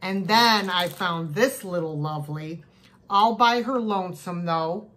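Slow, chatty woman showing off thrift finds. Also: fairly low pitch, fairly bright tone. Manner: chatty, gushes over cute finds. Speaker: thrift haul vlogger. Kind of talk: casual show-and-tell chat.

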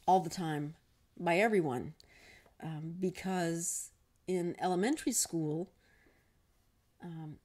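Woman, lower voice, casual storyteller; digressive, self-correcting, reads short fiction aloud. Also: darkish tone. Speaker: reader.

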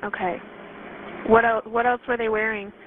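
A woman working as an emergency dispatcher, asking short, brisk, businesslike questions on a call. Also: on the high side. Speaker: 911 dispatcher. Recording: tinny phone line with steady hiss.

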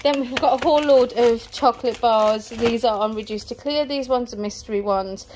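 A woman's voice: a little high, moderate pace, background noise. A woman, a mother, chatting casually through a grocery haul item by item, a little out of breath. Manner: chatty, rambling item-by-item listing. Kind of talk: casual vlog chat. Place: family home, indoors.

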